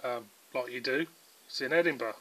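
A man's voice: mid-range voice, normal speed, pushed and bright. A man with a southern English accent, casually reviewing a beer in a rambling, chatty way with lots of fillers. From England.

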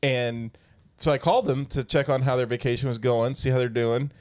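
A man hosting a casual podcast, telling stories in a lively, chatty way and acting out what people said. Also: medium pitch, a little fast, no echo, clean studio sound. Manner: animated storyteller, acts out quotes. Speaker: podcast host. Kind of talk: casual chat.

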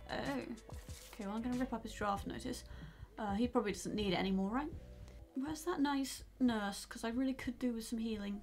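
High-voiced playful woman gamer. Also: fairly quick, darkish tone, soft background music. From outside the United States. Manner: playful, reads game dialogue aloud. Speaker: gaming YouTuber. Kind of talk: let's play commentary.

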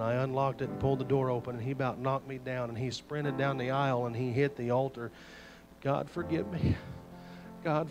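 A man, a youth pastor preaching an earnest, folksy sermon full of retold stories. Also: medium pitch. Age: 40s.

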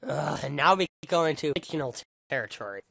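A man's voice: a little high, expressive, a little fast, gravelly, sharp tone, no echo, studio quality. A man ranting angrily into the camera, swearing a lot and tripping over his words with repeated restarts. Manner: heated, profane, stammering restarts. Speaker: vlogger. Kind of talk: angry rant monologue.

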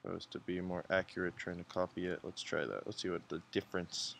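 A man's voice: low-pitched, flat delivery, quick pace, vocal fry, fairly bright tone, slight background noise. A man hosting a casual drawing tutorial, chatty and encouraging, thinking aloud as he sketches. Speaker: art tutorial host.

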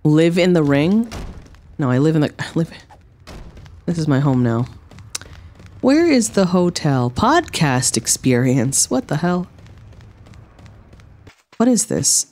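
A woman's voice: low voice, sing-song, slow, pauses often, darkish tone. A woman streamer giving let's-play commentary, exclaiming and swearing at the game as she plays.

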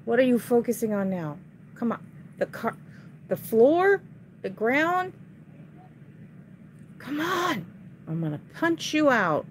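Woman, casual vlog chat, slow unhurried talk, grumbling and sighing, faint background hiss. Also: a little high, big pitch swings. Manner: chatty and easily frustrated, sighing and muttering at the camera. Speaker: reseller showing items to viewers.

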